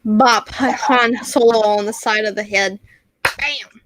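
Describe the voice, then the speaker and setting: A woman's voice: mid-range voice, steady tone, a little slow, poor audio. A woman co-hosting a podcast in casual, playful chat, often laughing. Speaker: podcast co-host.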